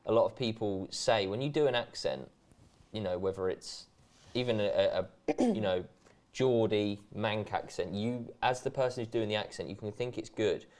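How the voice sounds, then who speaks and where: A man's voice: fairly low pitch, normal speed, a little mellow. A man with a southern English accent hosting a football watchalong, rambling in casual chat. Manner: rambling, lots of fillers and tag questions.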